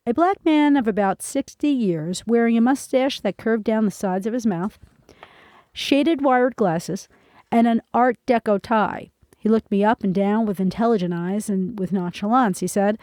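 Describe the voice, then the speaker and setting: Mellow-voiced woman reading her memoir. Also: medium pitch, expressive, moderate pace, no room sound. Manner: earnest, storytelling delivery.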